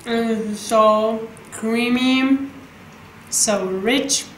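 A high-voiced woman gushes over her cooking, often slipping toward a squeaky register as her excitement builds. She talks slowly and carefully to a camera set some way off, and her voice rings around a roomy kitchen. There is a faint background hiss under everything she says. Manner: gushing, excitable, breaks into squeaky voice. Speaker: cooking vlogger. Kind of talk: casual cooking vlog. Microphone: camera mic, some distance away.

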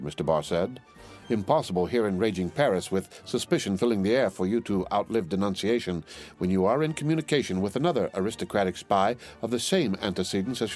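A man voicing a sharp, sardonic young English barrister who speaks in a cool, deliberate way. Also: lowish voice, lightly acted.

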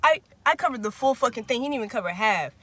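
A young man chats casually, spinning a long, profane story. His voice is bright and forward, and he throws in big, lively pitch jumps whenever he acts out quotes. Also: fast talker, husky, dry recording. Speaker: vlog host.

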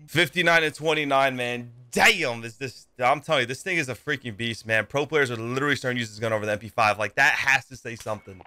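A young man giving live commentary over his own shooter gameplay, talking in a loose, excitable way, swearing now and then and yelling when the fighting heats up. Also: medium pitch, quick pace, few pauses, a little hiss or hum. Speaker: gaming YouTuber. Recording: gunfire sounds behind the voice.

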